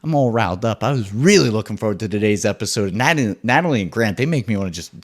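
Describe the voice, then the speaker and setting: Animated, foul-mouthed male podcast host. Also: fairly low pitch, fast. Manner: animated, profane, excitable rambling. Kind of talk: solo podcast rant.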